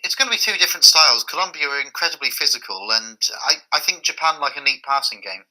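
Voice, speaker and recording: A podcast co-host with a strikingly bright, edgy tone that swings up and down in pitch. He talks in halting bursts, restarting his sentences before settling into dry, wry asides. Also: lively intonation, rough recording. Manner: hesitant, with many stumbling restarts. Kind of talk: casual chat.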